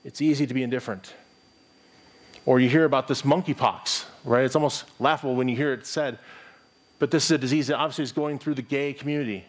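A man's voice: mid-range voice, fairly even intonation, fast talker. A middle-aged pastor delivers a sermon in an earnest, conversational voice. He reads scripture aloud and restarts his phrases as he thinks aloud.

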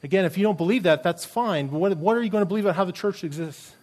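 A man's voice: high voice, racing, a little mellow. A middle-aged man, a pastor, preaching a sermon earnestly and emphatically, with many rhetorical questions.

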